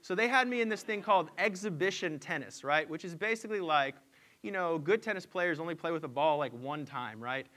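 A man in his forties preaching a sermon, telling a personal story and building to loud, emphatic peaks. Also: on the high side, lively intonation, brisk. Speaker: pastor.

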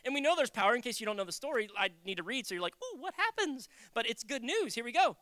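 A lively preacher with a bouncy, expressive pitch that climbs and falls constantly. The tone is bright and sharp, and the sound is close and dry, with no room echo. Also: very fast. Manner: animated, acts out quotes, jokes. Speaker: pastor. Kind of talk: conversational sermon.

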